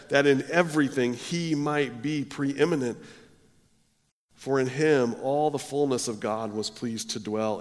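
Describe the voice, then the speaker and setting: A male pastor preaching a sermon, often restarting his words, his voice swelling loud and then dropping low. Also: in a large hall. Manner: stammering restarts, swells and drops in volume.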